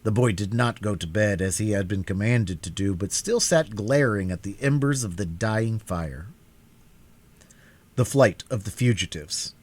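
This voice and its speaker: A man's voice: fairly low pitch, measured pace. A man reading a classic children's book aloud in a live stream, narrating expressively. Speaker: reader.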